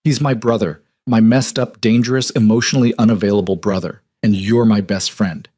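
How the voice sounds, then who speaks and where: A man's voice: lowish voice, fairly even intonation, fairly quick, darkish tone, lightly acted. A man voicing a protective young woman, upset with her best friend, pleading and accusing in a lifted voice.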